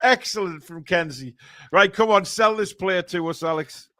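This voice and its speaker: A man's voice: high voice, moderate pace, pushed and bright, dry recording, clean studio sound. A man hosting a football podcast, reading chat comments with jokes and stammering restarts. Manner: jokey, hesitant, repeats words. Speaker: host.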